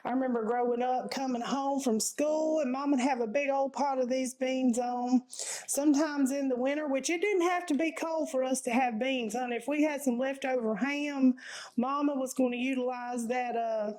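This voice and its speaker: A woman's voice: high-pitched, fairly even intonation, moderate pace, darkish tone, rough recording. Folksy woman chatting while cooking. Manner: folksy, chatty, addresses viewers as y'all. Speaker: home cooking host. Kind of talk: casual cooking tutorial. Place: home kitchen.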